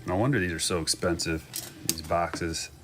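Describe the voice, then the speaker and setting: Excited, joking male card-break host with a very deep voice; faint music behind. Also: moderate pace. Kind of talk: casual live commentary while opening packs.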